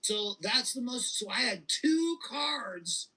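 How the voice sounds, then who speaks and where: A man in his fifties, a guest telling an animated and emotional story in a casual interview. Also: very high-pitched, takes it slowly, breathy edge, low-quality recording. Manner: animated, emotional storyteller who repeats and restarts.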